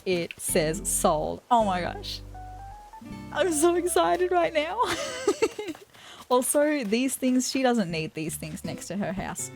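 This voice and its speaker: An Australian woman hosting a let's-play video, commenting in a gushing, excitable way. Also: mid-range voice. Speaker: gaming channel host.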